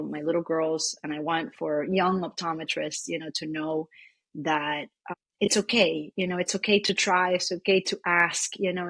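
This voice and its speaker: A woman's voice: fairly low pitch, slightly rough, no room sound. A woman from Venezuela, an optometrist in her thirties or forties, telling personal stories in an interview with lots of "you know" fillers. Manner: warm, rambling, many "you know" fillers. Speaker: optometrist and practice owner, guest. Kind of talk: emotional personal storytelling in an interview.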